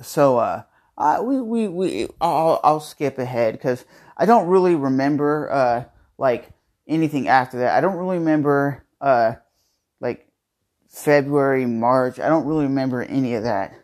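A man's voice: medium pitch, animated, normal speed, a little mellow. A man hosting a casual podcast from his home kitchen, telling a personal story in a candid, rambling way. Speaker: podcast host.

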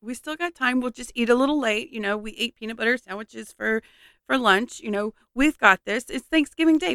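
Chatty woman with a smooth, dry voice. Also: on the high side, bright, forceful tone, dry recording. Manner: chatty, rambling, exasperated asides. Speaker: mother telling a family story. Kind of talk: casual storytelling vlog.

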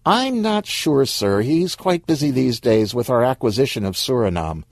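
A man's voice: medium pitch, sing-song, moderate pace, no room sound, clean studio sound, voice pushed up. A man voicing a prim, politely curt female office assistant. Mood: formal.

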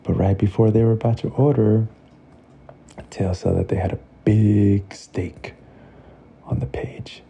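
A male bedtime storyteller with a low, very dark and mellow voice, full of gravelly fry. He narrates slowly and soothingly, slipping between English and Spanish. A faint noise hums in the background. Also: fairly even intonation. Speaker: storyteller host.

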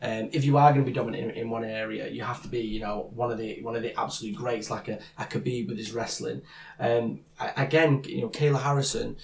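Man, podcast co-host, gravelly voice, rambling casual sports chat. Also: medium pitch, fairly even intonation, fast talker, a little mellow, a little hiss or hum. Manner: rambling, many restarts and fillers.

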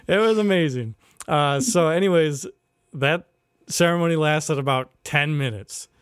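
A man co-hosting a podcast, telling a wild story in a casual, animated way, laughing and swearing as he goes. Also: fairly high pitch, a little slow, pauses often, clear, resonant tone, no room sound. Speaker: podcast co-host. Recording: loud background ambience.

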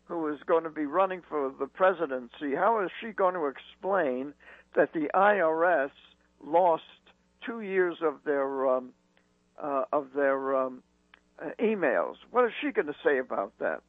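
A man's voice: on the high side, unhurried, no room sound. A male radio guest calling in by phone, firing off indignant rhetorical questions and stumbling over fillers. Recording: tinny phone line.

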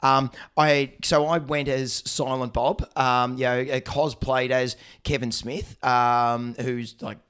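An Australian man co-hosting a podcast as a vet, his voice hoarse and gravelly, rambling and joking with lots of fillers. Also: medium pitch, level tone, slow, few pauses, a bit bright. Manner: rambling, jokey, many fillers. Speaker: podcast co-host, veterinarian. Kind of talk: casual chat.

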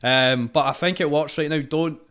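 A man's voice: fairly high pitch, moderate pace, a bit bright, clear, resonant tone. A Scottish man, a singer-songwriter from Fife, talking in a laid-back, chatty way with lots of broken-up phrases. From Fife, Scotland. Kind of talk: casual podcast chat.

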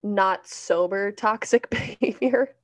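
A woman's voice: medium pitch, takes it slowly. A young woman co-hosting a podcast in casual chat, candid and laughing often, swearing freely. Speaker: podcast co-host.

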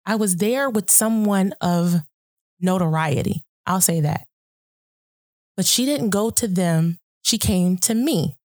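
A woman's voice: medium pitch, takes it slowly, a little mellow, no room sound, studio quality. A woman hosting a podcast, talking earnestly and reflectively about faith and often breaking into laughter. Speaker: podcast host. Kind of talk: casual conversation about faith.

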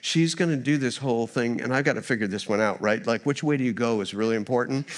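A man preaching a sermon in a church as a guest speaker, a former missionary who tells funny stories in an animated way. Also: mid-range voice, quick pace. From United States. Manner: storytelling, humorous and animated.

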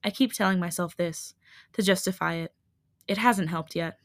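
Lady voicing a blunt quiet hybrid guy, steady, low-key. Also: moderate pace, no echo, clean studio sound, natural voice.

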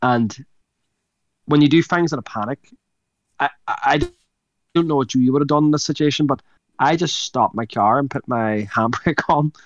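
A man's voice: medium pitch, moderate pace, long pauses, no room sound, lo-fi sound. A man co-hosting a podcast, telling a rambling story with lots of swearing and laughing mid-sentence. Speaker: podcast co-host. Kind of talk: casual storytelling chat.

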